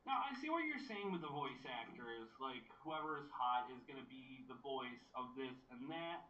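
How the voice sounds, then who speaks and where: A man co-hosting a podcast in casual chat, halting and repeating his words. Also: medium pitch, big pitch swings, bright, forceful tone. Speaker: podcast co-host. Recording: dull, roomy, far from mic.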